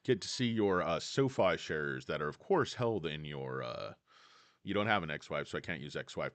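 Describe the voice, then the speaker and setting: A man's voice: a bass voice, expressive, moderate pace, a bit bright, no echo. A tired man from California's Central Valley hosting a casual stock livestream, rambling and joking with plenty of fillers. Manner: rambling, jokey, many fillers.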